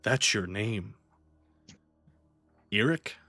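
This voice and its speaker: A man voicing a grim, quiet fighter in a tabletop game, speaking coldly and low-key. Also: lively intonation, drawn-out words, no echo, soft background music, heavily acted. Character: grim, calm man who thinks he is right.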